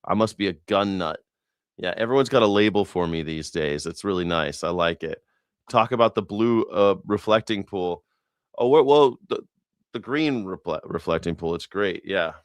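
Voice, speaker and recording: An American independent news and culture commentator with a fairly low voice riffs through a casual news reaction talk at a moderate pace, sarcastic and profane, often restarting his sentences. He sounds close and dry, with no room or echo around him.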